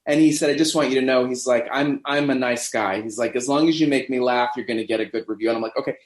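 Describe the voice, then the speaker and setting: A man's voice: medium pitch, quick pace. A man in his fifties, a podcast guest telling a long anecdote and acting out the voices of people he quotes. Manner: animated, acts out quoted voices. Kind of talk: anecdotal storytelling in a podcast interview. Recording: echoey room.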